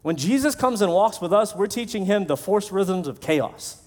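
A man's voice: high voice, animated, moderate pace, darkish tone. A male pastor preaching a sermon in a conversational way, acting out the voices of the people he quotes.

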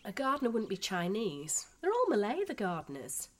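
A woman's voice: medium pitch, huge pitch swings, moderate pace. A woman playing a blunt Yorkshire housewife. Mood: chatty. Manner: blunt, gossipy, down-to-earth. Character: frank chatty Yorkshire expat housewife and mother. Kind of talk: radio drama acting.

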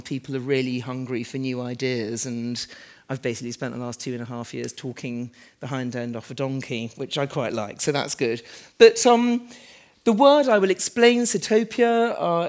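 A woman architect and author giving a live, conversational lecture in a large converted warehouse, chatty and self-deprecating with frequent "um"s and asides. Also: low voice. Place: large former fruit warehouse event space.

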